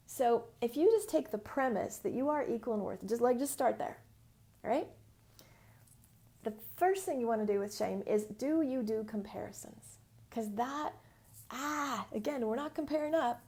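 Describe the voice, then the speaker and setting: Casting: American woman mentor, frank and feisty, higher voice with gravel in it, casual live teaching. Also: normal speed, warm tone. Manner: frank, feisty, uses slang and swearing. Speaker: business mentor.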